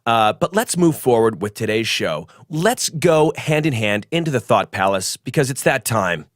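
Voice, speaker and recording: Smug comic host, middle-aged man, animated delivery, tight dry studio sound. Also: medium pitch, moderate pace, dry recording. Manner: self-absorbed, boastful, rising to excited outbursts. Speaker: podcast host. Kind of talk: comedic monologue.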